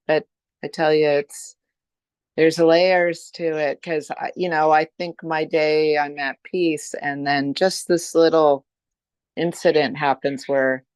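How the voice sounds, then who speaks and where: A woman's voice: low voice, a little mellow, no room sound. A woman in an online spiritual study group, candidly sharing a personal moment and laughing at herself. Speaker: group participant.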